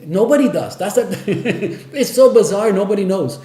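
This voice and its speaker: A man's voice: high-pitched, expressive, normal speed, warm tone, roomy sound. A man hosting a coffee video, telling a rambling story with many fillers and laughs. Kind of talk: casual storytelling.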